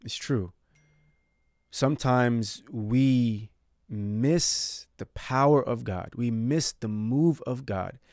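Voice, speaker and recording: A man's voice: mid-range voice, no echo. Earnest man rambling on faith, dry sound. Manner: earnest, rambling, self-reflective. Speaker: podcast host. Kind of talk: faith podcast monologue.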